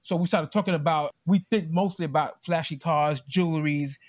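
A man giving courtroom testimony as plaintiff, telling his story in an animated way and acting out what others said. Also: fairly high pitch, normal speed, no echo.

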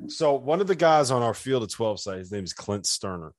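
A man's voice: mid-range voice, big pitch swings, brisk. A man co-hosting a casual sports podcast, telling stories in a chatty, teasing way. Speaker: podcast co-host.

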